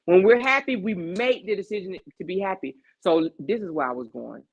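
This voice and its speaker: A woman's voice: lowish voice, brisk, slightly rough, dull audio. A woman hosting a casual chat who gives emphatic, preachy life advice and keeps checking in with rhetorical questions. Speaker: podcast host.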